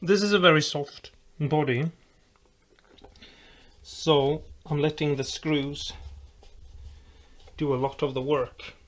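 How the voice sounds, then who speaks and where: A man building an electric guitar, thinking aloud in a relaxed way with fillers and restarts. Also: fairly high pitch, takes it slowly, pauses often, slight background noise. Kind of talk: casual workshop narration.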